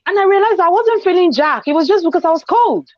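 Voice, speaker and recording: A woman hosting a casual group chat, telling a personal story in an animated way and acting out the dialogue. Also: very high voice, fast, dry recording, muffled recording. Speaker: host. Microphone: video call.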